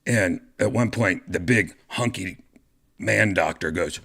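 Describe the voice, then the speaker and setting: A man with a very low, deep voice tells a story on his podcast. He rambles casually, swears freely, and keeps restarting his sentences with fillers along the way. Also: slow pace, sharp tone, slightly rough. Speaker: podcast host.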